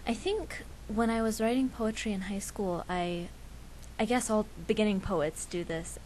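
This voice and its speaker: Young woman, twenties, student poet, soft and hesitant, faint background noise. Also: lowish voice, rough recording. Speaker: student poet, interview guest. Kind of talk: casual interview and poetry reading.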